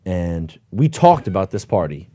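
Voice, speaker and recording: A man's voice: sits low, very animated, a little slow, warm tone. A man who served as a platoon lieutenant, telling war stories in a casual, profane way. He laughs often and repeats words as he talks. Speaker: host, former platoon lieutenant.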